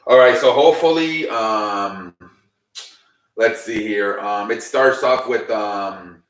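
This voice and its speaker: A man's voice: on the low side, takes it slowly, reverberant, far from the mic, poor audio. A man hosting a casual, improvised recap show. He rambles, swears and openly shows his frustration. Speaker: host.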